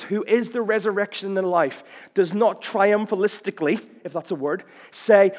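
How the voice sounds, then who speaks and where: A man's voice: moderate pace, few pauses, in a large hall. A man preaching a sermon, impassioned, acting out quoted cries as his voice rises. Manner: impassioned, acts out quoted cries with rising pitch.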